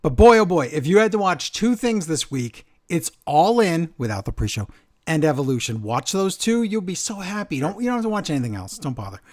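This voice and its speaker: A man hosting a wrestling podcast, recapping the show in an animated way and acting out quotes. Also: on the high side, fairly quick. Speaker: podcast host. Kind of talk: casual chat recapping wrestling.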